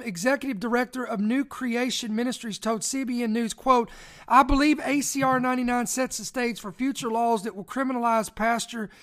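A woman hosting a live news commentary stream, reading quoted passages aloud, slowing down and repeating key lines, often stumbling and restarting words as she talks straight to her viewers. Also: a little high, fairly bright tone. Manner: rereads key phrases slowly for emphasis, addresses viewers directly.

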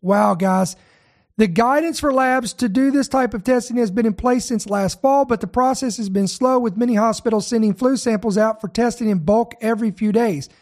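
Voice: medium pitch, moderate pace, darkish tone. An emphatic podcast host reads news articles aloud and comments on them along the way. The delivery halts on key words to stress them, and phrases often restart or double back.

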